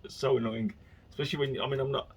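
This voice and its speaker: A man's voice: medium pitch, fairly even intonation, quick pace, slight background noise. A man hosting his own podcast, rambling casually from topic to topic and slipping into exasperated rants. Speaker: podcast host.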